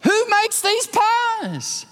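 A man voicing an excitable older male minister who gushes with amazement. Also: extremely high pitch, extremely slow, long reverb tail, voice pushed up, exaggerated voice. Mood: gushing, amazed. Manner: gushing and exclamatory.

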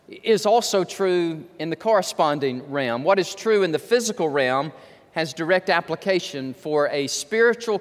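Man preaching, high voice, very lively pitch, dramatic emphatic delivery, long hall reverb. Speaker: pastor. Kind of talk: sermon.

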